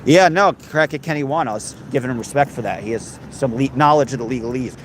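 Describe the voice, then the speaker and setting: A man's voice: mid-range voice, quick pace. A man hosting a casual livestream and reading out comments, with crude, mock-threatening jokes. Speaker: livestream host. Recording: noisy outdoor background.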